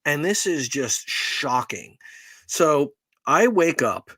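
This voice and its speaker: A man's voice: a little high, sing-song, takes it slowly, bright, forceful tone, no room sound. A middle-aged man co-hosting a podcast, telling a rambling, profane, self-deprecating story in casual chat. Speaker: podcast co-host.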